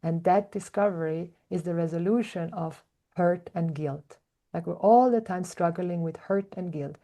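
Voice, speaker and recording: A woman speaks as a spiritual teacher in a slow, searching way, pausing on soft hums. Her voice sits a little low and has a mellow, dark warmth. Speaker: spiritual teacher, podcast host. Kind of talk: reflective spiritual talk.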